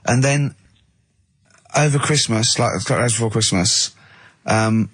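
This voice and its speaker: Male radio co-host, husky, dry close-mic, anecdotal banter with quoted voices. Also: medium pitch, a little slow, a bit bright, dry recording. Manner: rambling anecdotes, acting out the people he quotes. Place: radio studio.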